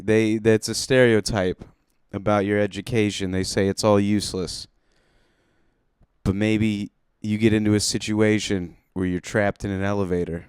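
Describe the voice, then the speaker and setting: A man's voice: lowish voice, clean tone, no room sound, studio quality. A young man doing a solo comedy podcast from home, rambling, self-deprecating and swearing casually.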